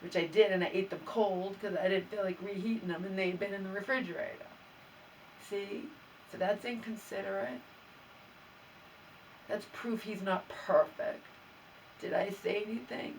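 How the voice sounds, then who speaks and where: A woman's voice: medium pitch, fairly even intonation, normal speed, recorded from a distance, a little hiss or hum, rough recording. A woman vlogger venting her grievances in an aggrieved, exasperated way, stammering and restarting as she talks. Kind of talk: venting personal vlog.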